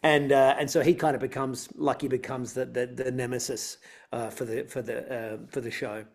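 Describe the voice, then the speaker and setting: An Australian actor chatting easily as an interview guest, relaxed and talkative, with light laughs in his answers. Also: medium pitch, moderate pace, creaky. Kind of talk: casual interview chat.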